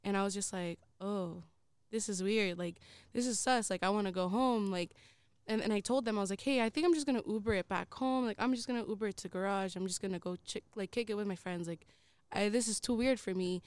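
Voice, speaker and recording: A young woman tells a long story on a podcast. She rambles, fills her talk with "like" and swears freely. Her voice is smooth and clear, recorded dry and close. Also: mid-range voice, brisk, darkish tone, no room sound. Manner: rambling, heavy use of filler "like", swears often. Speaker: co-host. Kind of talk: casual storytelling conversation.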